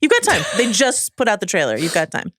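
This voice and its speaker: A woman co-hosting a casual pop-culture podcast, making wry jokes and quick asides. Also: mid-range voice, wildly swooping pitch, fairly bright tone, dry recording, studio quality. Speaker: podcast co-host.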